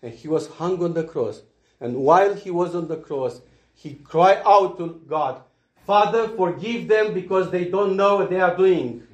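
A man's voice: high-pitched, measured pace, lo-fi sound. Earnest preacher man in an echoey room. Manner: earnest, swings between loud emphasis and hushed asides. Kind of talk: sermon.

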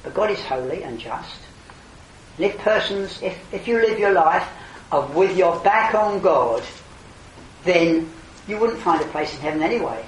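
An older man delivers an evangelistic sermon with a slightly high voice. He is earnest, surging into emphatic exclamations and then sinking back to quiet tones. The recording is roomy and distant, with a faint ambient hiss behind him. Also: animated, measured pace. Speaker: preacher.

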